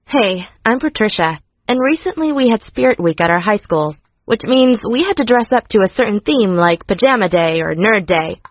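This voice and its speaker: A woman's voice: mid-range voice, animated, moderate pace, no echo. A woman narrating a first-person storytime in a sassy, offhand way. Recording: dry, dull lo-fi sound.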